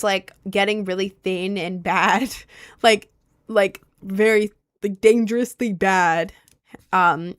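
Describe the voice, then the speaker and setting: Talking casually on a stream, a young woman from rural Maryland, United States, answers chat questions as they pop up. She has a mid-range, slightly bright voice and a faint Southern lilt on certain words, and her chatty, rambling manner is full of fillers and laughter.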